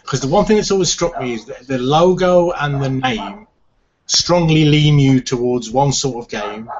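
A man co-hosting a casual gaming chat, speaking in a measured, thoughtful way. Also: mid-range voice. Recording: lo-fi sound with faint noise.

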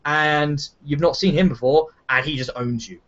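A man with a slightly high voice hosts a casual chat about video games, rambling and restarting his sentences as his thoughts pile up. He talks with lively energy. The recording is dull and lo-fi. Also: normal speed. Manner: animated, rambling with many restarts. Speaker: podcast host. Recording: dull lo-fi sound.

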